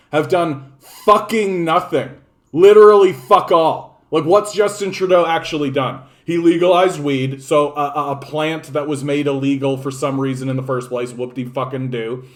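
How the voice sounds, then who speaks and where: Angry profane ranting man. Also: fairly high pitch. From Canada. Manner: angry, profane, sarcastic, repeats himself. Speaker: political commentator. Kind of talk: ranting political monologue.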